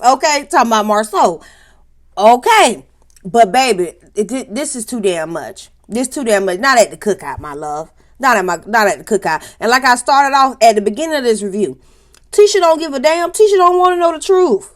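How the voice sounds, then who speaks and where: A woman hosting a casual reality TV recap, telling it in a lively, profane way and acting out the quotes. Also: sits high, a little fast. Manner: animated, profane, laughing storyteller acting out quotes.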